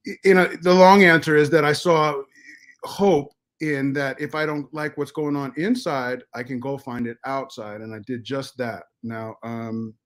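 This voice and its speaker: A middle-aged American man telling stories as a podcast guest, animated and profane, with many restarts. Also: mid-range voice, a little slow. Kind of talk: casual storytelling.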